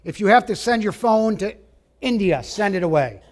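A man preaching a sermon, emphatic, asking his listeners direct questions and dropping to a hush at times. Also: high-pitched, expressive, normal speed. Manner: emphatic, rising and falling, drops to a hush for quoted lines; asks the audience direct questions.

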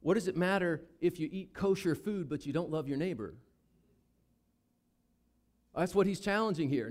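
A pastor with a Southern US accent preaches a sermon in a voice on the high side, at a normal speed with long pauses. He is animated, acting out the lines of Bible characters in different voices.

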